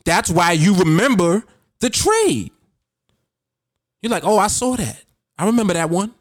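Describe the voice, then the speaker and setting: A podcast host and trading coach gives a casual motivational talk, coaching listeners in an emphatic, repetitive style. He has a high-pitched, sing-song voice and an unhurried pace, recorded dry with clean studio sound.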